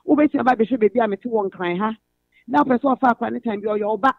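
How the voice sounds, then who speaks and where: Phoning a radio program, a Ghanaian woman earnestly recounts family problems at length in a steady manner, code-switching as she talks. She speaks quickly, her voice on the high side. It reaches us over a thin, tinny telephone line, dry and echo-free.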